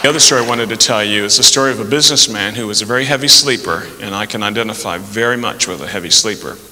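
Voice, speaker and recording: A man spins folksy jokes at an easy pace, his low voice ringing very bright. He drops into quick voices for the people in his stories. The sound carries the long tail of a large hall. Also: a faint crowd, slight background noise. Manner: folksy, unhurried joke telling with playful character voices. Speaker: storyteller. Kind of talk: telling jokes to an audience.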